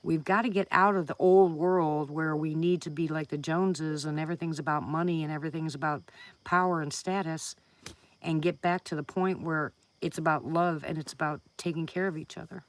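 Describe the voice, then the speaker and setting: A woman's voice: deep voice, fairly even intonation, brisk, no room sound. A woman hosting a casual live stream from home, chatting with viewers, greeting them by name and laughing often.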